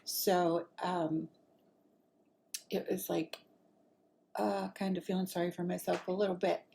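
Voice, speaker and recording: A woman's voice: lowish voice, measured pace, creaky, a little hiss or hum. A woman vlogger telling a rambling, chatty story to camera. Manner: rambling and chatty, lively when excited.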